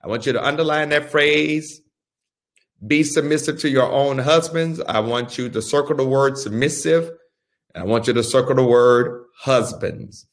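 A pastor teaching a Bible study, who speaks deliberately and repeats phrases for emphasis. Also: male voice, medium pitch.

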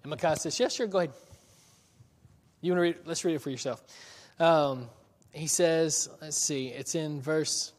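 A man's voice: on the high side, fairly even intonation, normal speed. A man preaching a sermon, reading scripture aloud and acting out the biblical characters' lines, with frequent chuckles and questions to his listeners. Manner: conversational, asks the audience questions, chuckles often. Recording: long hall reverb.

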